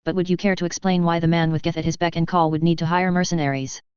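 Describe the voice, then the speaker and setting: A woman's voice: fairly low pitch, flat delivery, fast talker, a little mellow, clear, resonant tone, no room sound, muffled recording, natural voice. A woman voicing a defiant alien female mercenary leader who speaks with hissing scorn in a story reading.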